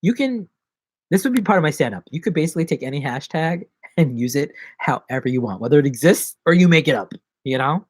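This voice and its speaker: A man's voice: on the high side, expressive, fast. Joking, rambling man streaming live. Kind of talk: casual live-stream chat.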